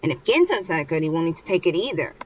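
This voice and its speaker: A woman's voice: sits low, big pitch swings, fast talker, darkish tone, muffled recording, a little hiss or hum. A young woman casually recapping a manga chapter, rambling and restarting as she goes. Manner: rambling, acts out characters. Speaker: manga reader.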